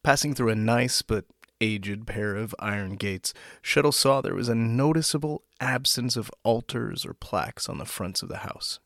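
A man hosting a story podcast, reading a short story aloud after relaxed, self-deprecating remarks. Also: medium pitch, moderate pace, vocal fry, no echo, clean studio sound. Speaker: podcast host and narrator.

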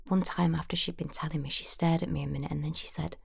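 Woman narrator, whispered storytelling, low gravelly husky voice, dry close sound. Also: little pitch movement, fast, few pauses. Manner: hushed, confiding.

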